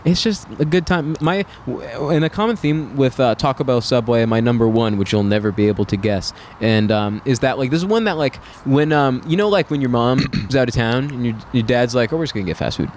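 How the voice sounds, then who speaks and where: A man's voice: medium pitch, brisk, few pauses, a little mellow, a little hiss or hum. A young man with a Canadian accent, co-hosting a casual podcast chat and rambling through restarts and fillers. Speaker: podcast co-host.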